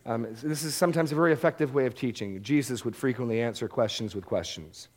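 A man's voice: medium pitch, fast talker. A man preaching a Bible-teaching sermon in a conversational way, often repeating words as he restarts a thought.

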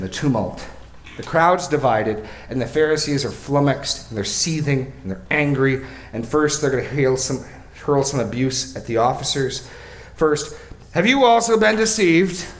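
A male pastor preaching an expository sermon, swinging from quiet, slow remarks to loud, emphatic readings and acted-out quotes. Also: mid-range voice, reverberant, a little hiss or hum.

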